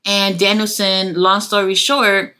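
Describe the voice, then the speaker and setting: A woman reviewing a wrestling show in casual talk. She is blunt, exasperated and swears freely, with jumpy animated asides. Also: medium pitch, slow.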